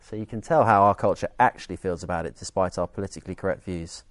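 A man's voice: low-pitched, fast talker, dry recording. A man preaching a sermon in an earnest teaching tone, often restarting his sentences. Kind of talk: sermon with group activity.

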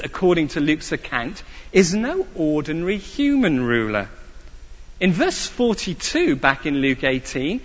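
Slow, lively-voiced preacher in a reverberant hall. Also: male voice, high-pitched. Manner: slow, emphatic preaching with rhetorical questions. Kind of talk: sermon. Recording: dull sound with long hall reverb.

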